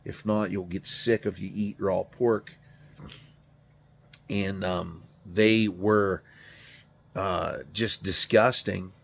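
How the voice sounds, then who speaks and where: A tired middle-aged man who hosts a garage channel speaks in a deep, steady voice at a slow pace, with vocal fry and long pauses. He yawns through a casual, rambling monologue, swearing freely and making jokes at his own expense.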